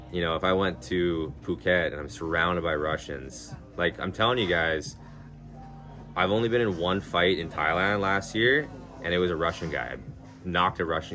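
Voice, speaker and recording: A man's voice: low-pitched, bright, forceful tone. A man live-streaming, chatting casually with viewers in a rambling, laid-back way, swearing freely and laughing through his stories. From Canada. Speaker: livestreamer.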